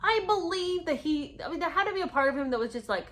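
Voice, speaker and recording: Woman, sarcastic commentary, scornful, emphatic, bright voice, fairly high. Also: animated, fast talker.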